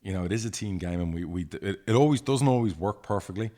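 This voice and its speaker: Fast-talking deep-voiced blunt man. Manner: blunt, profane, lively storytelling. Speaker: football club chairman, podcast co-host. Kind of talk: casual podcast chat.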